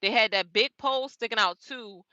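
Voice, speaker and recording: Animated young woman telling a story. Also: fairly high pitch, brisk, no echo, highs cut off. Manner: animated, slangy, laughs often. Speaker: truck driver vlogger. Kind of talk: casual storytelling.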